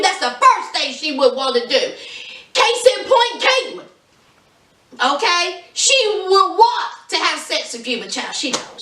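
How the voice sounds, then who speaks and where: A woman recapping a reality show in a sassy, mocking, animated way. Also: extremely high pitch, reverberant, distant mic. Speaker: reality TV reviewer. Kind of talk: casual recap commentary.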